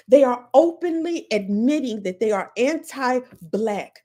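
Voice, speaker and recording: A woman's voice: on the high side, animated, measured pace, few pauses, warm tone. A woman podcast host on a live stream, ranting in a heated, profane way.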